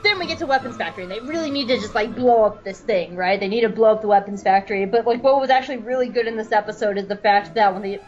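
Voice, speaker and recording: A woman's voice: medium pitch, fast talker, hardly any pauses, muffled recording, faint music behind. A woman giving a rambling, giggly comic recap, swearing freely and acting out characters' lines as she goes. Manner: rambling, giggly, profane storytelling. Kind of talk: comedic recap with quoted character voices.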